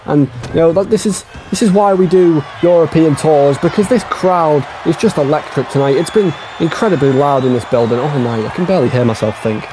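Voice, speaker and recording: A man's voice: on the high side, a little fast, few pauses, noisy background. A man doing casual color commentary for a wrestling match, chatty, with swearing and a lot of "mate".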